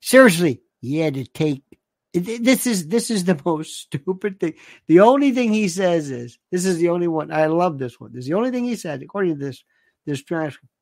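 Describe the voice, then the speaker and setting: A man's voice: a little high, animated, moderate pace, no echo, studio quality. A man hosting a livestream, talking in a casual, sardonic way and often dropping to a near-whisper. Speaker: livestream host. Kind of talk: casual commentary.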